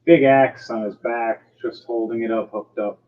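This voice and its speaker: A man running a tabletop game online as game master, describing scenes in a relaxed way with filler words. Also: medium pitch, normal speed. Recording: dull lo-fi sound with loud music behind.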